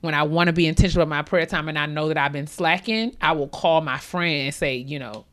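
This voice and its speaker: A woman's voice: deep voice, fast, fairly bright tone. A woman co-hosting a podcast, giving candid, rambling advice in slangy casual chat with laughs along the way. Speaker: podcast co-host.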